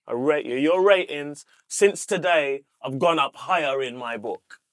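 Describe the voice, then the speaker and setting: A man's voice: fairly high pitch, measured pace, dry recording, studio quality. A man with a London accent hosting a podcast, talking earnestly in casual street slang and repeating his phrases. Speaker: podcast host. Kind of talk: casual chat.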